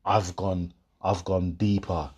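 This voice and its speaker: Animated young man. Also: low voice, takes it slowly, husky. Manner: animated storytelling, half-laughing, acts out both sides of a row. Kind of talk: casual monologue to viewers.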